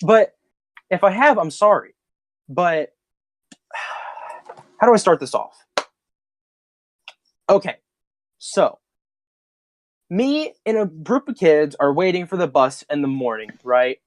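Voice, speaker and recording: A young man, a podcast co-host, telling childhood stories in a casual, animated, profane way and laughing mid-story. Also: a little high, slow pace, pauses often, dry recording.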